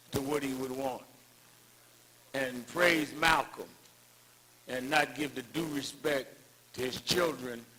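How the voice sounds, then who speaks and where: A man's voice: medium pitch, sharp tone, slight background noise, rough recording. An older man giving a rousing tribute speech at an event, building emphatic, preacher-like cadences around anecdotes. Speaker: speaker at a civil rights tribute.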